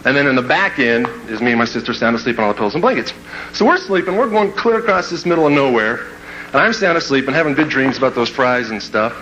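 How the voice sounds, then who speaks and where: A man telling a comic personal story to a live audience, playful and lively, breaking into shouts and laughter. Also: medium pitch, fast, noisy background. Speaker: motivational speaker.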